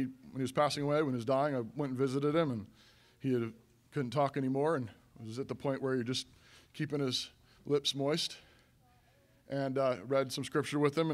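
A middle-aged man, a pastor, preaching a conversational sermon to his congregation, repeating phrases and restarting lines as he goes. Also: medium pitch. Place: church sanctuary.

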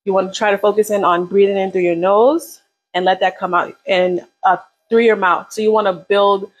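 A woman's voice: medium pitch, fairly even intonation, normal speed, low-quality recording. A woman leading a live beginner workout, coaching casually and encouragingly while counting down reps. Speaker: fitness instructor.

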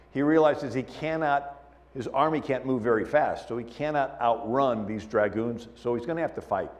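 A man giving a history talk as a guest speaker, telling the events as a lively story with spoken sound effects and frequent "and, uh" fillers. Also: medium pitch.

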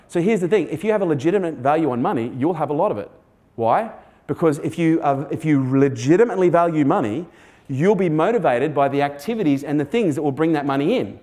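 This keynote speaker, a man in his 40s, talks from a stage to a live audience with a slightly high, darkish voice. His motivational speech is blunt and full of swearing, and he keeps quizzing the audience.

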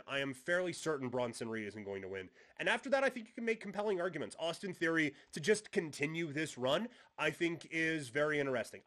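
A man's voice: medium pitch, a bit bright. Man hosting a casual wrestling podcast. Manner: casual, musing, frequent restarts and fillers. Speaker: podcast host. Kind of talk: solo wrestling preview podcast.

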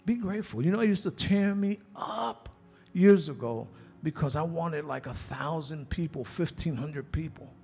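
A middle-aged pastor from New with a husky, slightly higher voice, preaching. He presses his point with repeated rhetorical questions in a loose, conversational way. Soft music plays faintly behind him. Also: expressive, normal speed. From New York. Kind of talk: sermon.

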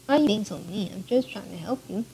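A woman's voice: mid-range voice, animated, fast talker, vocal fry, noisy background. A woman voicing a goofy, scheming teenage girl who teases in a smug, theatrical way while reading a visual novel aloud. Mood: mock-innocent.

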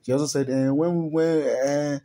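A man's voice: on the high side, steady tone, normal speed, warm tone. A man with a Nigerian accent hosting a celebrity gossip vlog, talking casually, repeating and stumbling over words and chuckling often. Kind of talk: chatty celebrity gossip commentary.

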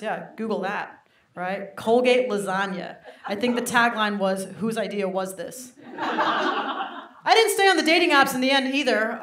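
A woman in her 30s does a stand-up set at a comedy venue, speaking at a medium pitch over very loud background noise. Her delivery is animated and self-mocking, with frequent remarks aimed straight at the audience, captured in a roomy live recording.

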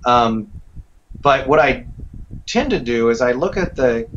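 A man who voices characters and teaches acting, talking through his craft in a relaxed, reflective way with lots of fillers. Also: mid-range voice, a little slow, background noise. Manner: reflective, rambling with many fillers. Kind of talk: casual interview chat. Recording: slightly dull, muffled audio.

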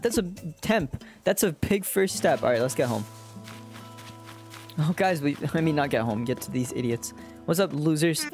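A streamer talks casually over gameplay with playful, crude jokes. The voice swings lively up and down, and game music plays clearly behind it. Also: medium pitch, normal speed.

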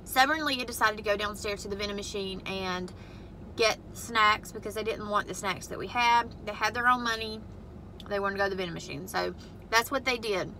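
A woman's voice: medium pitch, a little fast, pushed and bright, a little hiss or hum, rough recording. A woman venting to camera from her car, blunt and profane as she retells a family fight. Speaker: vlogger and mother. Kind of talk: venting casual vlog to camera. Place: inside her parked car.

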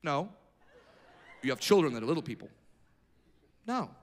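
A man doing stand-up comedy with a brash, profane delivery who shouts his punchlines. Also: medium pitch, expressive, fast.

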